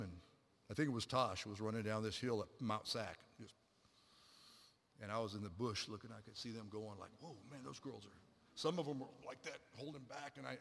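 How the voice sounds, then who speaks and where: A middle-aged man preaching a sermon, animated, acting out quotes and swinging between loud and hushed passages. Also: medium pitch. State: a little out of breath. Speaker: pastor. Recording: long hall reverb.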